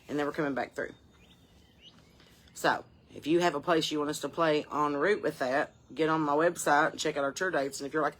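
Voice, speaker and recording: A woman chatting casually in a rambling vlog, salty and profane, telling stories in a down-home way and sometimes dropping to a soft murmur. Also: low-pitched, slight background noise. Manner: drops to a soft murmur at times. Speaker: touring musician and vlogger.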